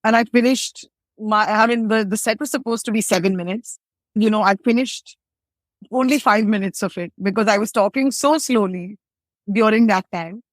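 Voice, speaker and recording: A woman's voice: medium pitch, normal speed, no echo. A woman comedian from India with an Indian English accent. She talks animatedly in an interview and often restarts her sentences. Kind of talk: interview conversation.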